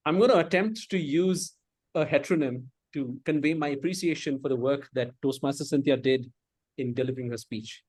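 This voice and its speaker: A man with an Indian English accent hosting a speaking club meeting, sometimes halting and restarting as he searches for words. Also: mid-range voice, darkish tone, no echo. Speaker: Toastmaster of the Day.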